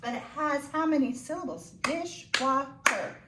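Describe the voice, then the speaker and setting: A woman teaching a phonics lesson to children, slow and encouraging with sing-song praise. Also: fairly high pitch, very animated, very noisy. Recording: echoey room, voice from a distance.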